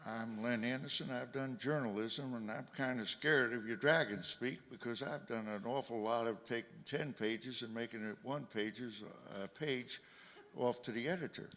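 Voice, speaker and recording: A man in the audience asks a question haltingly, pausing often with "uh". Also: mid-range voice, a bit bright. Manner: halting, hesitant, with many "uh"s. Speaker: audience member asking a question. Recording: long hall reverb.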